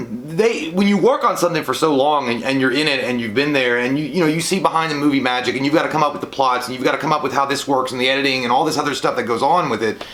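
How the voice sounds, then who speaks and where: A man co-hosting a casual movie chat, animated and profane, breaking into silly shouted impressions. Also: mid-range voice. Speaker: co-host. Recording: echoey room.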